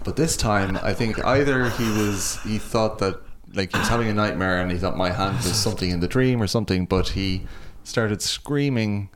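A man's voice: on the low side, normal speed, few pauses. A man co-hosting a casual chat, telling stories with dry, teasing humor. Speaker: podcast co-host. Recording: noisy background.

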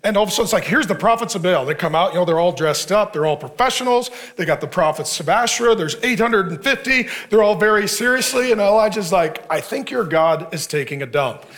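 A man preaching a sermon as pastor, mixing scripture with sarcastic jokes and quick asides to the congregation. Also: high voice, expressive, fairly bright tone.

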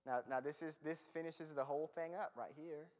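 Guy preaching in a church hall, kinda high voice, laughs a lot, long echo. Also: fairly even intonation, brisk, a little mellow. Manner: conversational, laughs often, loses his place. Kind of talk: sermon. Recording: reverberant hall.

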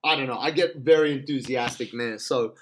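An excitable Australian man telling a story in casual, slangy talk. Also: medium pitch, brisk, slight background noise.

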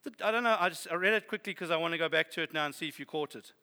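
A man preaching a sermon, animated and humorous, building to loud exhortation. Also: a little high, racing, clear, resonant tone. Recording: long hall reverb.

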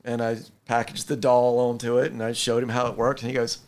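Animated man telling stories. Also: medium pitch, fairly quick. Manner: animated storyteller who acts out quoted voices. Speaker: inventor of a firefighter rescue board. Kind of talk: casual conversation on a podcast.

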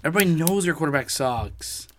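A man's voice: on the high side, expressive, fast talker, a little hiss or hum. A man co-hosting a casual sports podcast, blunt and dry, swearing freely. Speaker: podcast co-host.

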